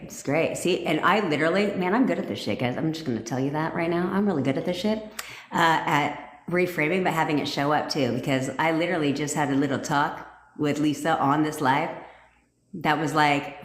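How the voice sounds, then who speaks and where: A woman coaching viewers on a casual livestream, blunt and profane and quick to laugh as she greets people and cheers them on. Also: low voice, reverberant. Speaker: manifestation coach hosting a livestream.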